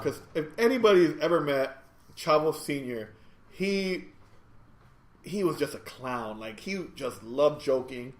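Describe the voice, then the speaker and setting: A man's voice: on the high side, unhurried. Man telling rambling stories in an echoey room. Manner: rambling, animated anecdotes with laughs and restarts. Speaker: podcast host and store owner. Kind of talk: casual storytelling chat. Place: his store.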